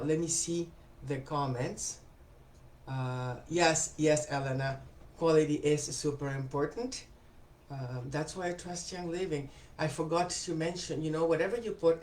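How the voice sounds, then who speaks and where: A woman's voice: deep voice, darkish tone, reverberant. A woman hosting a casual live stream, chatty and enthusiastic as she thanks viewers by name and answers their comments. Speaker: live stream host selling essential oils.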